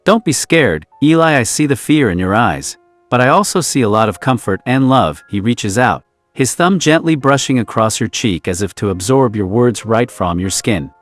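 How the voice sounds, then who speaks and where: A man reading a romance role-play story aloud in a soft, intimate storytelling manner. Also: mid-range voice, animated, moderate pace, no room sound. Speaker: narrator.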